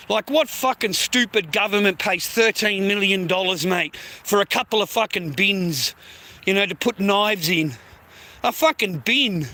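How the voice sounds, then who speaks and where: A man's voice: high voice, bright, forceful tone. A middle-aged Australian man vlogging outdoors on a phone, swearing constantly and tagging mate onto nearly every line. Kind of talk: rambling street vlog. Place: outdoors on city streets.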